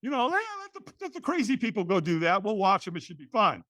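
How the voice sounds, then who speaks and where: A middle-aged man, a podcast guest, telling a personal story in a lively way, acting out the voices in the quotes and often restarting words. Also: high-pitched, fast talker, no room sound, clean studio sound.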